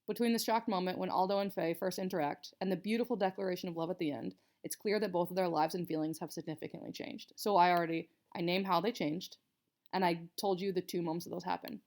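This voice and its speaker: A woman's voice: lowish voice, fairly even intonation, fast, darkish tone. A young woman teacher explaining a writing assignment to students in a casual, chatty way, with many fillers. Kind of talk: casual recorded writing lesson.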